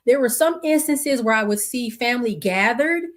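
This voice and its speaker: A woman's voice: on the high side, expressive, moderate pace. A woman in her forties hosting a podcast, telling a personal story in a reflective, conversational way, acting out quotes and restarting her sentences. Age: 40s. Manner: conversational, searching, with many restarts and acted-out quotes. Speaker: podcast host.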